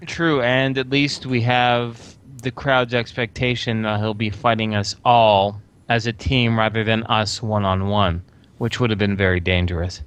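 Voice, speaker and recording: A man's voice: lowish voice, flat delivery, measured pace, a bit bright, clean tone. A man playing in a casual tabletop role-playing session, speaking bluntly. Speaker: player.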